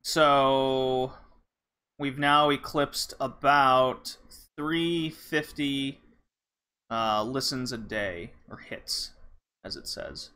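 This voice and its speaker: A man's voice: medium pitch, sharp tone, clean tone. A man hosting a casual gaming podcast, talking loosely with many fillers. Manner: rambling, with frequent fillers. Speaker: podcast host.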